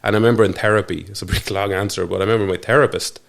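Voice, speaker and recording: A man's voice: on the low side, steady tone, very fast, gravelly. An Irish man talking earnestly in a studio interview, often restarting and trailing off mid-thought. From Ireland. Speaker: podcast guest. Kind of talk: reflective conversational interview.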